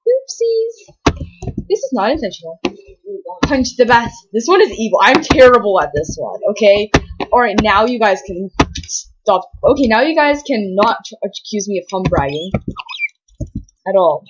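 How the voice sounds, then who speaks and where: A woman's voice: mid-range voice, animated, moderate pace, dull audio, noisy background. A woman doing let's-play commentary, mocking herself and talking herself through the game on a built-in computer mic. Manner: self-deprecating, talks herself through play. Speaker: gaming video creator.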